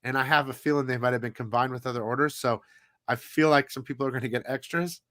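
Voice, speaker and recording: A man's voice: medium pitch, steady tone, fast talker, a bit bright, no room sound. A man hosting a comic haul live stream, chatting casually in a rambling, profane way. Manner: rambling, profane, loose storytelling. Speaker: comic haul show host.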